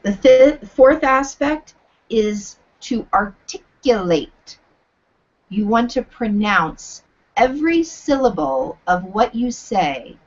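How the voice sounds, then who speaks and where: A woman teaching yoga teacher trainees over a video call, giving clear, deliberate instructions. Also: fairly high pitch, very animated, dull audio. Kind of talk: live online teacher training.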